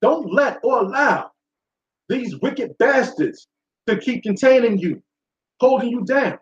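Unhurried but with lively intonation, this talk show host speaks in an extremely high voice. He lectures his listeners in a blunt, preachy and profane monologue, recorded in an echoey room with dull sound.

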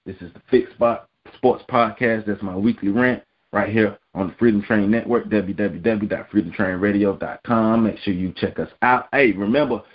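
A man's voice: fairly low pitch, moderate pace, few pauses, highs cut off. A man hosting a podcast, delivering a profane, heated weekly rant. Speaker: podcast host.

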